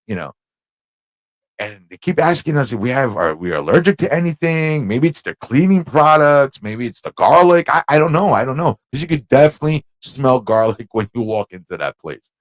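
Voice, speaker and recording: Casting: New York-accented male host, animated storyteller, mid-range voice, dry close sound. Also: mid-range voice, moderate pace, dry recording. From Corona, Queens, New York. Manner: animated, acts out quoted voices, laughs often. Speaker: livestream host. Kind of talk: casual storytelling.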